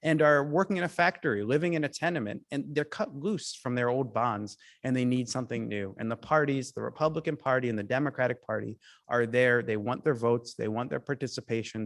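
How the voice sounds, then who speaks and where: A man delivers a public history lecture as a guest speaker, his voice sitting at an ordinary middle pitch. He tells his material as a string of stories, pressing hard on key words and often restarting his sentences as he goes. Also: fairly quick, no echo. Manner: storytelling, emphatic, with frequent restarts.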